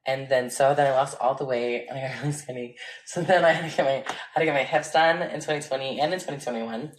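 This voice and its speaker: Woman with a really deep voice rambling on a phone livestream, lots of laughing, echoey room. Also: fast talker, a little hiss or hum. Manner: candid, rambling, laughs often. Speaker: livestreamer answering viewer comments. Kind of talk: casual livestream chat.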